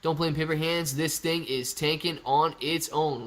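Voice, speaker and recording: A man's voice: fairly high pitch, steady tone, measured pace, a bit bright. A young man hosting a live stream, reading viewer comments aloud and answering in a chatty, laid-back way. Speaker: livestream host reading chat. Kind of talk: casual live stream chat.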